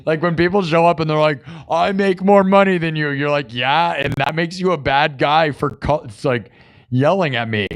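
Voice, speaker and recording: A man's voice: fairly high pitch, normal speed. A man hosting a live music stream, chatting casually with viewers, laughing often and acting out quotes.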